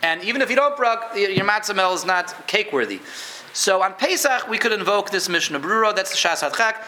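A man's voice: high voice, expressive, fairly quick, bright, forceful tone. A man teaching a casual Jewish law class to a room of listeners, conversational, repeating words and quizzing them. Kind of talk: informal halacha class. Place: room with a live audience.

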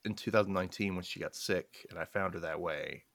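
A man's voice: low voice, brisk, dry recording. A man telling family stories in a casual conversation, laughing often and acting out the people he quotes. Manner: animated storyteller, laughs often, acts out quoted voices. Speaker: guest.

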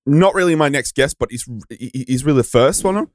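A man's voice: animated, brisk, dry recording, clean studio sound. A man hosting a podcast in a playful, goofy way, calling his guests matey. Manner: goofy, swings pitch wildly, calls guests matey. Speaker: podcast host. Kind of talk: playful casual chat.

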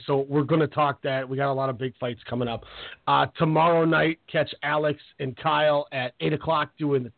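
Higher-voiced male sports radio host, animated storyteller, phone-quality audio. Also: gravelly. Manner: animated storyteller, acts out players with quoted voices. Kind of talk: casual sports radio chat. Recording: tinny phone-line sound.

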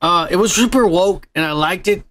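A man's voice: high-pitched, a little fast, fairly bright tone. A man co-hosting a podcast in crude, profane casual chat. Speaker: podcast co-host.

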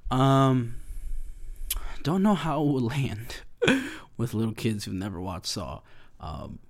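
A man's voice: mid-range voice, slow pace. Sugar-buzzed young man rambling casually. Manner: animated, slangy, laughs often. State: hyped up on sugar. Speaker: vlogger.

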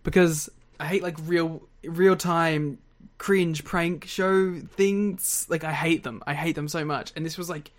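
A man's voice: a little high, steady tone, unhurried. A man co-hosting a podcast, chiming in with incredulous, laughing reactions. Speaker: podcast co-host. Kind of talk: casual chat.

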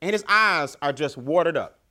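A man giving a motivational keynote speech, telling stories with animated, emphatic repetition. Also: on the high side, moderate pace. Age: adult father. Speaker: keynote speaker.

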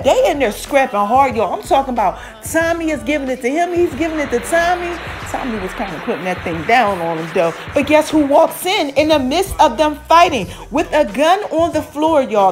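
A woman podcast host giving an excitable, casual recap of a TV episode, talking straight to her listeners. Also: high voice, brisk, few pauses, soft background music. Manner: excitable storytelling, addresses listeners as y'all.

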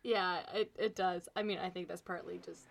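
A woman co-hosting a casual podcast chat, giggling often and trading quick quips. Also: on the low side, fairly even intonation, gravelly, slight background noise. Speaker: podcast co-host.

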